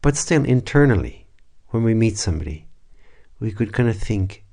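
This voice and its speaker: A man, a priest, leading a spoken prayer meditation in a reflective, unhurried way, with soft asides and restarts. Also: lowish voice, very animated, gravelly, husky.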